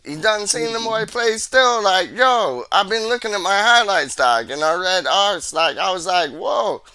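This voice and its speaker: A man's voice: high voice, animated, normal speed, pushed and bright, clean tone, dry recording. A man chatting casually on a football podcast, full of slang and repeated fillers. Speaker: podcast co-host. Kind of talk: casual chat.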